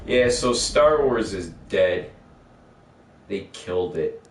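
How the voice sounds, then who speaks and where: Male game streamer, mid-pitched, rambling and foul-mouthed, heard from a distant mic in an echoey room with background hiss. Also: lively intonation, slow pace. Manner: rambling, profane, opinionated. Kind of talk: casual gaming livestream chat.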